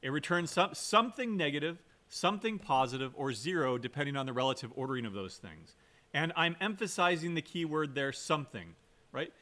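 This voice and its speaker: A computer science lecturer, a man, speaks briskly in a voice on the high side that is expressive and sharp-toned. He runs his recorded programming lecture like a conversation, repeatedly asking "right?", stressing key words, and using fillers and restarts.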